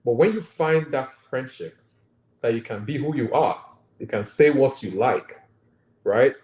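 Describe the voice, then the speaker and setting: A man with a Nigerian accent, appearing as a guest doctor, talks earnestly and thoughtfully, frequently adding "right?". His mid-range voice is a little mellow, unhurried and lively in intonation. The conversational interview has a roomy, echoing sound.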